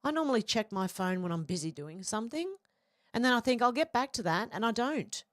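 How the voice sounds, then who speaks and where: A woman's voice: fairly high pitch, big pitch swings, fairly quick, fairly bright tone, dry recording, studio quality. An Australian woman hosting a livestream, casually reading viewer comments aloud and chatting bluntly. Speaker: livestream host reading chat. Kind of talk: casual live chat.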